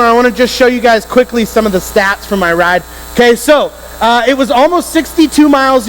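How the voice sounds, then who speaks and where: A man preaching to a youth group, telling a story in an animated, emphatic way and speaking straight to the teens. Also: high-pitched. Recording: hall reverb with faint electrical hum.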